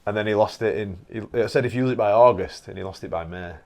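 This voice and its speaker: A man's voice: lowish voice, quick pace, creaky, a crowd in the background. A man, a fitness coach guest, chatting casually with laughter and swearing. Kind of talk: casual chat.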